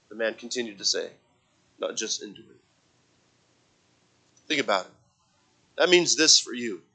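A man preaching a sermon, swinging from loud impassioned passages to soft, quiet reflection and quoting scripture in old-fashioned wording. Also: medium pitch, animated, a little slow, pauses often, poor audio.

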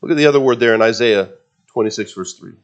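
A man's voice: mid-range voice, fast, lo-fi sound. A man preaching a sermon, building emphasis on repeated words and tossing conversational asides to the congregation. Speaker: pastor.

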